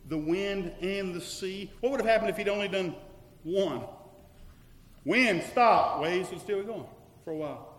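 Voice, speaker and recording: A man preaching a sermon, swinging from loud declarations to hushed, searching questions. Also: high-pitched. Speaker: pastor. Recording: echoey hall with long reverb.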